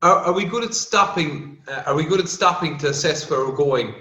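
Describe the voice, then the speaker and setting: A man's voice: fairly high pitch, brisk, sharp tone. A man hosting a podcast interview asks hesitant, meandering questions. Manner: hesitant questions with fillers and restarts. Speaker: podcast host, vet. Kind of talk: casual interview conversation. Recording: roomy echo.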